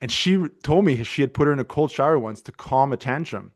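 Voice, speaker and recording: A middle-aged man in his podcast host's chair, talking at an everyday middle pitch. He rambles through a story in a loose, conversational way, stopping often to restart his sentences. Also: expressive, fast. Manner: rambling, many restarts and fillers. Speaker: podcast host.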